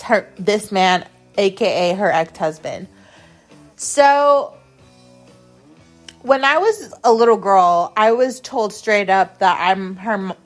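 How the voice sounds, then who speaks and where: A young adult woman hosting a podcast, telling a personal story in a rambling, blunt, profane way, often repeating herself. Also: mid-range voice. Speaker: podcast host. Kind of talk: casual storytelling monologue.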